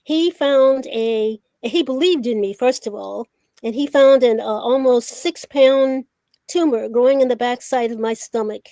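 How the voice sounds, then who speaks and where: A woman's voice: a little high, unhurried, dry recording. An older woman, a veteran journalist, telling stories from her career in a casual conversation and acting out the dialogue she recalls. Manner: animated storyteller who acts out quoted dialogue. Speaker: veteran journalist, talk show guest. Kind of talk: casual storytelling.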